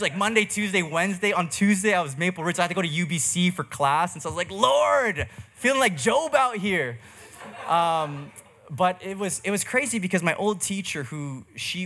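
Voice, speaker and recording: A man's voice: medium pitch, fairly bright tone. A young man preaching a sermon in church, telling a personal story in a casual, chatty way full of slang and fillers. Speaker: pastor.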